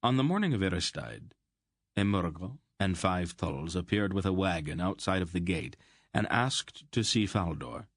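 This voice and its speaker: A man reading a fantasy novel aloud as an audiobook narrator in a measured storytelling manner. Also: sits low, animated, no echo, studio quality.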